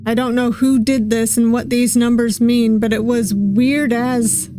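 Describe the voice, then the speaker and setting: A woman streaming a story game, reading its dialogue aloud and musing softly between lines. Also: a little high, fairly even intonation. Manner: musing, reads lines slowly with soft asides. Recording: game music playing behind voice.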